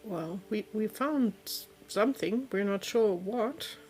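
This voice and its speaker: A woman's voice: mid-range voice, slow pace, a little mellow, slightly rough, faint music behind. A woman player in a tabletop role-play, speaking in character with some hesitation.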